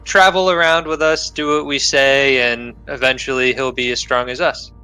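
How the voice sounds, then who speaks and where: A man's voice: mid-range voice, steady tone, normal speed, pushed and bright, clear, resonant tone, dry recording, poor audio. A man playing in a tabletop role-playing game, eager and persuasive, often restarting mid-sentence. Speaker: player.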